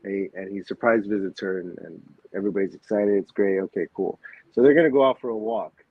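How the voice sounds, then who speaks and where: A man from Puerto Rico, raised in Buffalo and Orlando, chatting in a relaxed, reflective way as a podcast co-host. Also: fairly low pitch, quick pace, husky, no room sound. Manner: relaxed, laughs easily, reflective. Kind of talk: casual chat. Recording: phone-like lo-fi, dry.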